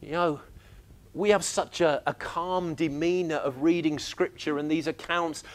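A man preaching a sermon, telling the story with lively, acted-out reactions. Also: a little high, a little slow. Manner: animated storytelling, acting out reactions.

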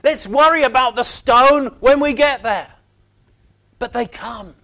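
Unhurried, a preacher whose voice is very high-pitched delivers an animated, story-driven sermon. In quieter moments he goes low, and he performs the characters' reactions.

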